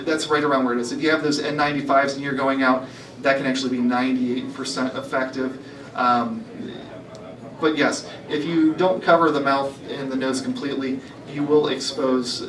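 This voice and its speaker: A man's voice: mid-range voice, flat delivery, a little fast, distant mic. A man presenting at a live health event, chatting casually with fillers and laughing at his own jokes. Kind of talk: casual talk to a live audience, telling jokes. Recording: echoey hall, voice from afar, crowd behind.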